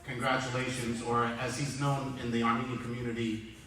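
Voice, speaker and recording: A man's voice: mid-range voice, flat delivery, brisk. Man in his sixties roasting from afar. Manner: dry joke delivery, self-mocking anecdotes. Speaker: roast speaker. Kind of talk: roast comedy storytelling. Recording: echoey hall from far off, loud noise.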